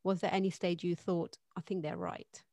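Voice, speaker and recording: A woman hosts a podcast and asks probing questions in a chatty, restarting way. Her voice sits a little low for a woman. It is recorded dry and close, with no room echo. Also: flat delivery, normal speed, dark tone. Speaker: podcast host. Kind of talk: casual podcast interview.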